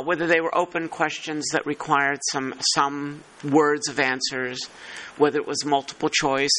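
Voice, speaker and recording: A man's voice: mid-range voice, bright, forceful tone, rough recording. A man chairing a working-group meeting, thinking aloud and poking fun at himself. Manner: thinking aloud, self-deprecating.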